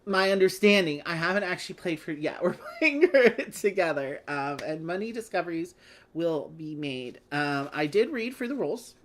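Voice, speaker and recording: A woman's voice: on the low side, expressive, normal speed. A woman hosting a live board game play-along, chatting casually and laughing often. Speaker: host.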